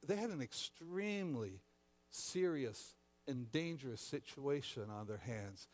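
A man preaching a sermon as pastor, repeating words and restarting often, then dramatically acting out frightened voices. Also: mid-range voice. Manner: dramatic, acts out shouting disciples.

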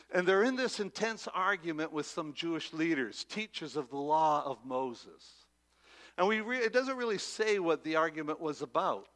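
A man's voice: a little high, fairly bright tone. A man reading scripture aloud and then preaching a sermon in an earnest way, with many fillers and repeated words. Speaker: pastor.

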